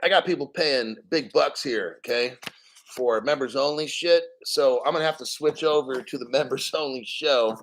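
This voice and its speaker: A man's voice: mid-range voice, moderate pace, a bit bright. A man hosting a casual crypto livestream, talking in a profane, emphatic rant full of rhetorical questions. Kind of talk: casual live-stream rant.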